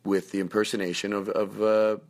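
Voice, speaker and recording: A man's voice: on the low side, flat delivery, fairly quick. Rambling, joking male podcast host. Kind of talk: casual chat. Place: hotel room.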